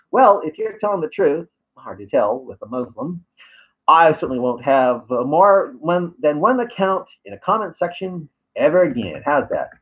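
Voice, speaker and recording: A man reading out and answering online comments, sarcastic and hesitant, with many fillers. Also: mid-range voice. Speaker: YouTuber. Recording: tinny phone-like audio.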